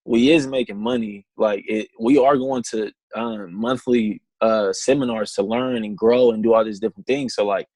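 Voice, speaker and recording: A man's voice: on the low side, normal speed, few pauses, no echo, rough recording. Young guy w/ aave on a team video call, slangy, acts out convos, dry sound. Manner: animated, acts out both sides of phone calls, slangy. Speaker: distributor sharing his story on a team call. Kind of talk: casual storytelling on a group call.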